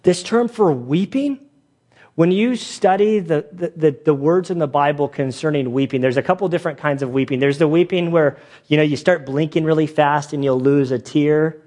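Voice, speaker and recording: Chatty, animated preacher man. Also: on the high side, moderate pace. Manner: animated storytelling, acts out quoted voices; loose, chatty phrasing with many fillers. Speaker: pastor and police chaplain. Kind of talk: conversational sermon.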